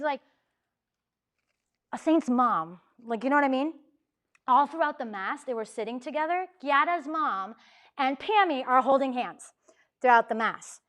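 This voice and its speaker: A woman speaks to a university ministry gathering, her voice sitting a little high. She tells her story with energy, acting out each voice she quotes and scattering "like" through her sentences. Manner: animated, acts out quoted dialogue, frequent "like" fillers. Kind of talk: lively storytelling talk. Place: university talk room.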